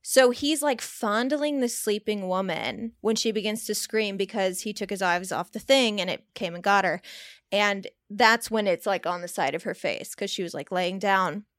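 A woman's voice: medium pitch, normal speed, no room sound. Chatty woman podcast co-host, dry sound. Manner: chatty, reads passages with animated emphasis. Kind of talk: casual chat and reading aloud.

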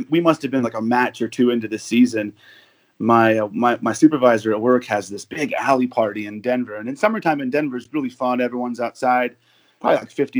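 American guy rambling on a podcast, lots of likes and uhs, mid voice. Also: medium pitch. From United States. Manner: rambling storyteller with many fillers and restarts. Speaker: guest, overseas football supporter. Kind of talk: casual podcast chat.

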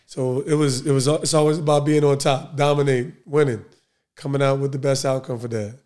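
A man's voice: medium pitch, steady tone, a little fast, a little mellow. A man hosting a podcast interview, asking questions in a loose, conversational way full of fillers and restarts. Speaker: podcast host. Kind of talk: casual interview.

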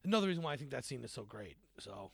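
A man's voice: medium pitch, very animated, very fast, creaky, husky. A man co-hosting a podcast in casual chat, rambling and joking with frequent fillers. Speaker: podcast co-host.

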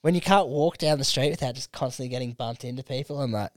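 Young australian man, casual podcast chat, smooth clear voice, dry close sound, loose and sweary. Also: medium pitch, fast, no echo. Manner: laid-back storyteller, swears freely, lots of "like".

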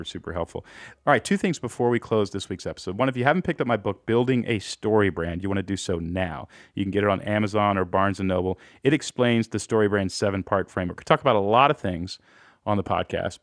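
Male podcast host, brisk and earnest, with a low voice and a dry, close sound. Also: no echo. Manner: quick, earnest, openly enthusiastic. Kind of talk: casual podcast talk.

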